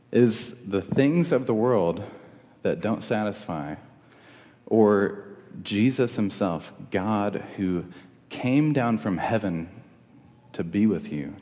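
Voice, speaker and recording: A man's voice: on the low side, darkish tone. A young man preaching a sermon as pastor, earnest and conversational, in a church hall. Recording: long reverb of a hall.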